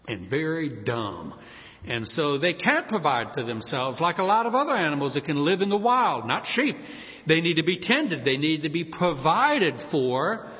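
A man delivers a sermon full of homely stories, his somewhat high voice swinging widely up and down. His manner is folksy and lively, like a storyteller. The recording sounds a little dull and lo-fi, with a long reverb trailing after him.

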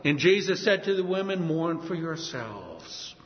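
Middle-aged preacher with a lively voice in a hall. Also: male voice, a little high, a little slow, lo-fi sound. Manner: emotional storytelling, acting out the voices in his story. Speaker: pastor. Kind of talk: sermon with a told story.

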